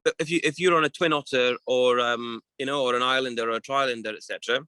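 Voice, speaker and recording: A middle-aged man talks casually as a co-host, picking his way through thoughts with stops and restarts. His voice is bright and forward. The sound is dry and close, with no room around it. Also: medium pitch, fairly even intonation, fast talker, clean tone, no echo, rough recording. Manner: hesitant, many restarts and fillers, thinking aloud. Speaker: co-host of a weekly aviation chat show. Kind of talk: casual chat.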